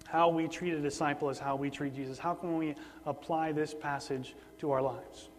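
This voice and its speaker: A man gives a sermon in a fairly high voice, talking plainly and repeating words to drive a point home. His voice rings out with a long hall reverb, and a faint mains hum sits underneath. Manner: conversational, repeats words for emphasis. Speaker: preacher.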